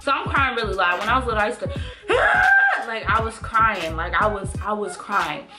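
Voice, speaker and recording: A young woman from the Bay Area casually telling a personal story to her viewers, animated and full of "like" and "y'all". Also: medium pitch, normal speed. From Bay Area, California. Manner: animated, many "like" fillers, addresses viewers as "y'all". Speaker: vlogger. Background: music.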